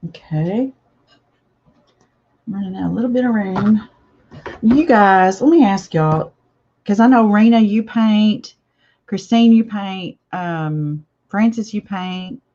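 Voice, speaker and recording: A woman's voice: medium pitch, slow pace, pauses often, dark tone, highs cut off. An older woman hosting a casual live craft chat, chatty and reading viewer comments aloud with frequent laughs. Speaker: craft channel host.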